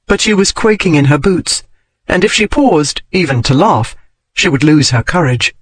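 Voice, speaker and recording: A man narrating an audiobook with an even, measured reading. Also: a little high. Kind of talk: scripted narration.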